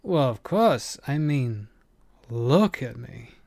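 A man's voice: medium pitch, expressive, takes it slowly, creaky, darkish tone, dry recording, heavily acted. A man voicing a cocky, roguish young man who talks back with crude, teasing defiance.

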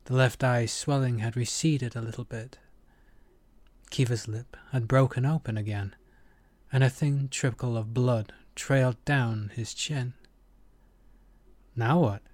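A man narrating a romance story in a measured, intimate audiobook reading. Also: mid-range voice, fairly even intonation, a little mellow, dry recording.

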